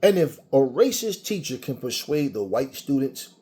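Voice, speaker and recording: A man's voice: mid-range voice, sing-song, normal speed, mellow. A man delivering a heated, profane commentary monologue, repeating himself as he argues. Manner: angry, profane, repetitive.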